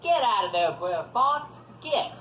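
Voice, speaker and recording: A male storyteller voicing a clever male rabbit in a folktale, brisk and indignant. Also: very high voice, big pitch swings, fairly bright tone, echoey room, slight background noise, full character voice, rough recording. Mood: scolding.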